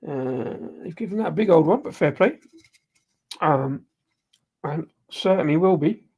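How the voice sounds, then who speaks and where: The sound is phone-quality: a man with a fairly high, slightly rough voice, lively intonation and a measured pace hosts a casual live beer review. He rambles hesitantly, umming, restarting and correcting himself while sipping and tasting.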